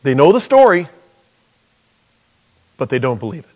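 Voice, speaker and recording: A man preaching a sermon, animated and jokey, acting out bits of dialogue as he goes. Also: mid-range voice, normal speed. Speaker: pastor.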